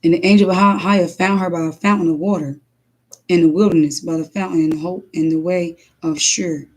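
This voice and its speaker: A woman who reads scripture aloud and then tells emphatic, lively stories as a livestream preacher. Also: on the low side, fairly quick, poor audio. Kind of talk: scripture reading and casual testimony.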